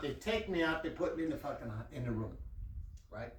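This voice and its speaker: A man's voice: a little high, expressive, a little fast, roomy sound, distant mic, a little hiss or hum. A man telling a long personal story in casual, profane talk, laughing as he goes.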